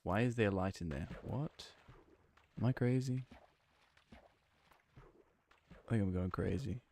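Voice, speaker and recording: A man's voice: lowish voice, slow pace, vocal fry, darkish tone. A man from New Zealand with a New Zealand accent, a game streamer chatting casually and rambling playfully, thinking aloud with lots of fillers. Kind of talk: casual chat while playing and reading chat.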